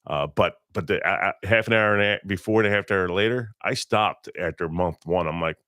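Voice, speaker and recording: A middle-aged man speaks in a low, deep voice in a casual interview. His stories come out blunt and rambling, and he keeps correcting himself mid-thought. The recording is close and dry, with no room sound. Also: a little fast, few pauses, sharp tone, no room sound. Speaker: interview guest, electrician. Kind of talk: casual storytelling.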